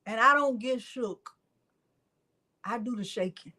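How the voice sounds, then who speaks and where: Running a prize drawing on her crafting livestream, a middle-aged woman talks excitedly to viewers, full of gushing exclamations. She speaks through a desk microphone in a voice on the high side, unhurried with a sharp tone.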